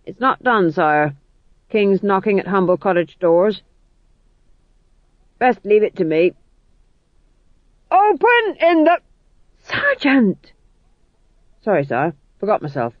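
Guy putting on a blunt shouty sergeant, keen to set things on fire, dry dull sound. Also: sits high, lively intonation, slow, pauses often, dry recording. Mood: eager. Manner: barking, blunt. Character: loud, overeager male sergeant, eager to burn things. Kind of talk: audiobook narration.

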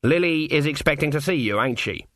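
A man's voice: a little high, expressive, fairly quick, fairly bright tone, no room sound, clean studio sound, pitched above the performer's own voice. A man voicing a stern, shrewd old witch woman in a storybook reading, blunt and commanding.

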